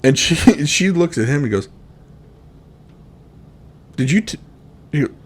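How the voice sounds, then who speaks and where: In a laid-back podcast chat, a male co-host tells a story and animatedly acts out the dialogue of others. He speaks slowly, and his voice is husky and a little high.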